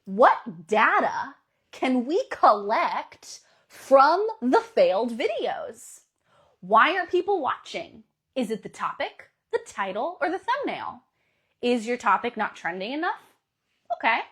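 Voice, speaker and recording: A woman coach giving an emphatic motivational pep talk at an unhurried pace, stretching out her words. Her fairly high voice swings widely in pitch and breaks into bursts of excitement. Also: slightly rough. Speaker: astrologer and coach.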